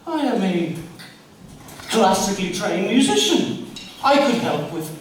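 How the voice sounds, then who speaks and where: A man's voice: sits high, sing-song, measured pace. An actor playing a prim, shy, classically trained young man with an Irish accent, talking in a hesitant, formal, stammering way. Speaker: stage actor. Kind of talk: live stage play acting. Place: theatre stage. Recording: echoey hall from far off, noisy.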